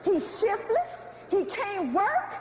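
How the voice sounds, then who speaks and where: A woman's voice: very high-pitched, big pitch swings, takes it slowly, noisy background, heavily acted. A woman playing a fearful enslaved mother. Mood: urgent. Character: fearful slave mother belittling her child.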